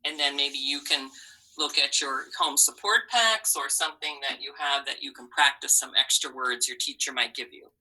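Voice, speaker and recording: A woman teaching a phonics lesson to young children, slowly sounding out letters and syllables with encouraging praise. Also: very deep voice, pushed and bright, breathy edge, rough recording.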